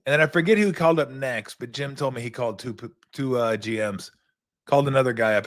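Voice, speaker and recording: Middle-aged male host, former player, casual and animated storyteller who stumbles over his words. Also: medium pitch, normal speed, long pauses.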